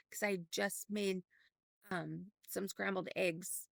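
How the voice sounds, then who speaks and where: Woman vlogger, middle-aged, mid pitch, candid personal storytelling, dry close sound. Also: fairly even intonation, takes it slowly, vocal fry, pauses often, dry recording. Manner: candid, rambling, with many restarts.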